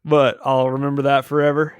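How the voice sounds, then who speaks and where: A man co-hosting a podcast in casual chat, reminiscing, laughing often and acting out quotes loudly. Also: mid-range voice, little pitch movement, fairly quick, smooth, no echo. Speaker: podcast co-host.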